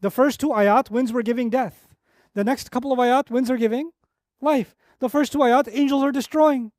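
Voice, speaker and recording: Animated high-pitched male Quran lecturer. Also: moderate pace, no echo, clean studio sound. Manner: animated storytelling, pitch rising high for emphasis and dropping low and quiet. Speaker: Quran teacher.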